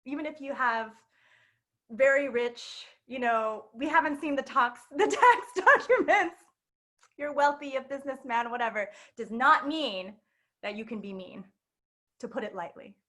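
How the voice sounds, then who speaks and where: In a queer bookstore event space, a New York woman shares a personal story at a live storytelling night, chatty and laughing with plenty of fillers. Her voice is high, fairly bright, and expressive, and she takes her time.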